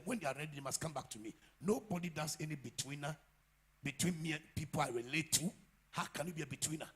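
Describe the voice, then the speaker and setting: A man with a Ghanaian English accent preaching a sermon as pastor, swinging from quiet asides to loud shouts. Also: a little high, fast talker, breathy edge. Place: church.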